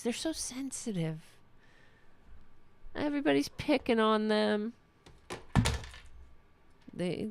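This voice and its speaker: A woman's voice: lowish voice, creaky, smooth, no echo. A woman hosting a political livestream, ranting with passion, swearing freely and reading viewers' chat comments. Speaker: political talk show host.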